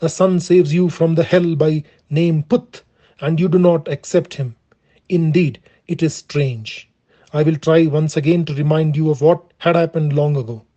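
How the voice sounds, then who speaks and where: Male reader voicing a proud, wronged young woman, kept plain and earnest; slightly high, soft-toned. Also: normal speed, natural voice. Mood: pleading. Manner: steady earnest reading in the performer's own voice. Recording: dull lo-fi recording.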